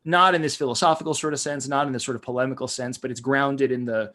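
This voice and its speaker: A man's voice: mid-range voice, fairly even intonation, quick pace, fairly bright tone. American guy cohosting a podcast chat, keeps restarting sentences, lots of likes and rights. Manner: rambling, many fillers and restarts. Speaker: podcast co-host. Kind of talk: casual discussion.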